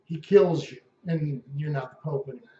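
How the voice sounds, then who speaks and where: A man's voice: on the high side, normal speed, dark tone. A man at home delivering a wry, rambling, profane comic monologue. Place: at home, indoors. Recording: echoey room, dull lo-fi sound.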